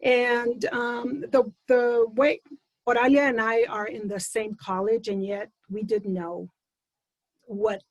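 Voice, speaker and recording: A woman speech pathology professor on a video call tells a panel how her work began. She speaks casually with frequent pauses and ums. The sound is close and dry, with no room around it. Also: on the high side, fairly even intonation, a little mellow, dry recording, low-quality recording. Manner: conversational, many ums. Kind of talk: panel introduction, casual storytelling.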